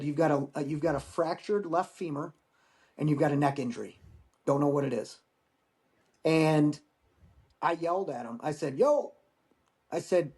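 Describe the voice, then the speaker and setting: A man in his forties, a Marine veteran guest, telling war-training stories in a casual, profane, animated way. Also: on the high side. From United States. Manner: profane, animated storyteller acting out dialogue. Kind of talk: casual storytelling interview.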